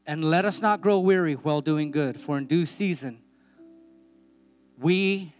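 A man's voice: fairly high pitch, normal speed, darkish tone, soft background music. A man preaching a sermon as pastor in a church, emphatic, with repeated calls and amens.

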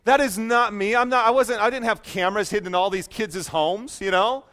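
A man preaching a sermon, telling stories in an animated, self-mocking way with joking asides. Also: high-pitched, brisk.

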